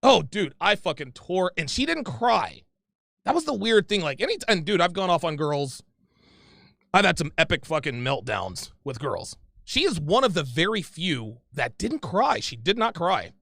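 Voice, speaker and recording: A man in his thirties telling a story in casual podcast talk, profane, animated and rambling. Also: fairly high pitch, moderate pace, creaky, no echo, clean studio sound. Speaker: podcast guest.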